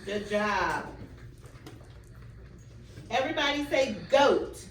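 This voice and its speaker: A young woman student teacher leading a class in a phonics drill, with clear, drawn-out prompts and quick praise, recorded in a classroom by a camera at a distance. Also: fairly high pitch, expressive. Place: classroom full of children. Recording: echoey, distant classroom recording with background noise.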